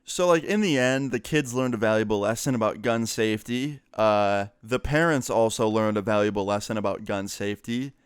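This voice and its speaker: A man's voice: on the low side, normal speed, few pauses, clean tone, no echo, clean studio sound. A man telling a story in a casual, chatty way, swearing and using many fillers. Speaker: storyteller vlogger.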